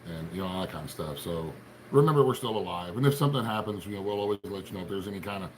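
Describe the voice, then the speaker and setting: A man's voice: sits low, expressive, very fast, slight background noise. A middle-aged man from Appalachian Ohio with an Appalachian accent, chatting casually on a livestream, folksy and rambling as he greets viewers by name. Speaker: livestream host.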